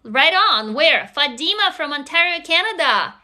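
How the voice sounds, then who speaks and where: A woman's voice: high-pitched, expressive, moderate pace, hardly any pauses, pushed and bright. A woman whose first language is Russian, hosting a casual live stream from a phone, greeting viewers and swearing freely. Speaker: livestream host.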